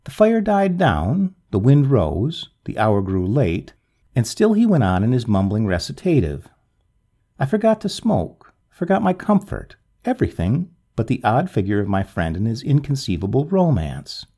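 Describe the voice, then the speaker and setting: A man reading a classic ghost story aloud, with dramatic storytelling and a gravelly, husky voice. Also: normal speed. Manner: dramatic storytelling with very lively swings in pitch. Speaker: narrator.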